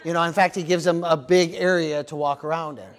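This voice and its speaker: High-pitched male pastor, storytelling sermon delivery with frequent amens. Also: fairly quick. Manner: animated storytelling with amens and praise interjections.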